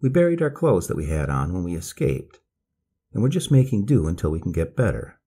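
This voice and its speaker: A man's voice: low voice, very animated, brisk, dark tone, slightly rough, heavily acted. A man doing a polite drawling convict. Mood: calm polite. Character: soft-spoken drawling male escaped convict.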